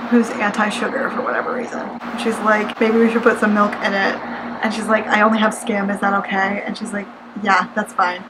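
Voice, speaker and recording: Female book reviewer, mid-range voice, sarcastic casual rant, loud AC hum behind. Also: mid-range voice. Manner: sarcastic, laughs often, paraphrases scenes in a chatty way. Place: home apartment. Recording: noisy with air-conditioner hum. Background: air conditioner hum.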